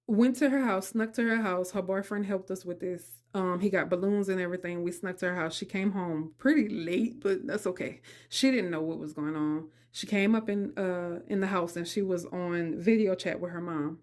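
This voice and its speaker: Woman, middle-aged, podcast host, lower voice, emotional, conversational storytelling. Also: fairly even intonation, moderate pace, hardly any pauses, darkish tone. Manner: emotional, conversational, addresses listeners directly.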